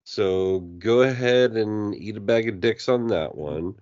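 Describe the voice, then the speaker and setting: A man's voice: on the low side, a little slow, a little mellow, dry recording. A man co-hosting a podcast, telling rambling stories in casual chat and swearing freely. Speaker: podcast co-host. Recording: dull lo-fi podcast audio.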